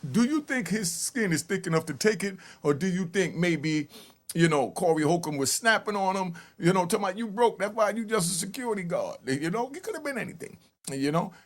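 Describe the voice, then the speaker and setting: A man giving a lively storytelling commentary, acting out calls and yells. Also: high-pitched, a little fast. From New York. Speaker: commentary host. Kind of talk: animated street-talk commentary.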